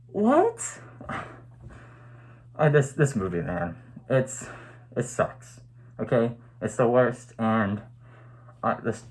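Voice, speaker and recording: A man's voice: mid-range voice, a little mellow, rough recording. A man ranting heatedly as a movie fan in a review vlog, swearing and breaking into sudden outbursts.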